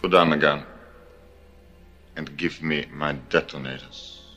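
An actor playing a cold, calculating male villain who gives slow, clipped, menacing commands at gunpoint. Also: extremely low pitch, fairly even intonation, bright, forceful tone, soft background music, heavily acted.

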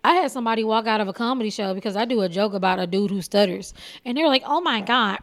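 A woman stand-up comedian from Texas, hosting her own podcast with a blunt, profane, animated comic rant. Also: mid-range voice, quick pace.

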